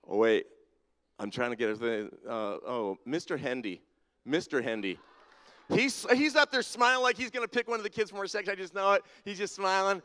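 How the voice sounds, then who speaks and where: Long reverb from a big hall surrounds a man with a high, bright, forceful voice who speaks fairly quickly. In a spotlit church sanctuary with a balcony, he teases the congregation and calls people down by name as he runs a playful participation segment.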